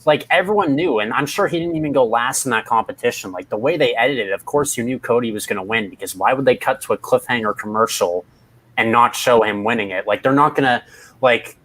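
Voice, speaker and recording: A man's voice: mid-range voice, a little fast, a bit bright. A man with an ordinary mid-range voice talks casually on a recap show. His remarks are dry and a little critical, and he likes to slip in puns. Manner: wry, critical, fond of puns. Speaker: podcast co-host.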